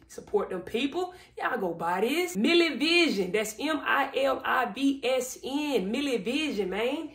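Woman, Texan accent, high-ish voice, hyped slangy unboxing chat, roomy echo, mic set back. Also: distant mic. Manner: hyped, slangy, shouting out supporters. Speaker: vlogger opening fan mail. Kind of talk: casual unboxing commentary.

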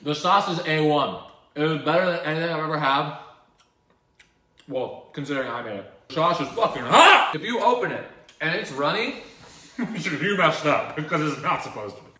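Guy goofing around cooking in his kitchen, bright lively voice, kinda far off, echoey room. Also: fairly high pitch, normal speed, pauses often. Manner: jokey, self-deprecating, rambling with laughs. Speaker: cooking vlog host. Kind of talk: casual joking cooking show. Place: home kitchen.

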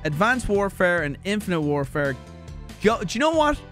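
A man's voice: high voice, moderate pace. An Irish man reacting to viewer opinions on a gaming channel, exasperated, swearing and ranting, with faint music behind him. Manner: exasperated, profane and animated. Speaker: gaming YouTuber.

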